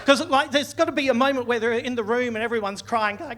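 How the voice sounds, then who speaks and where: A man's voice: extremely high pitch, quick pace, few pauses, a bit bright. A man with an Australian accent doing live stand-up, sardonic and swearing, turning mock-outraged. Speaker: stand-up comedian. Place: comedy club stage, live audience laughing.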